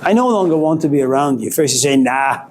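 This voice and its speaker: Against a noisy background, a male college lecturer delivers an animated, quick-paced classroom lecture, performing scenes dramatically and raising his pitch sharply in mock anger.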